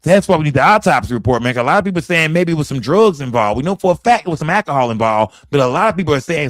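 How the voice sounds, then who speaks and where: Texan livestream host, drawl, fairly high voice, loose and profane, close dry mic. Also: male voice, lively intonation, very fast, few pauses, dry recording. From Texas. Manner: loose, profane, talks straight to chat. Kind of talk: casual livestream commentary.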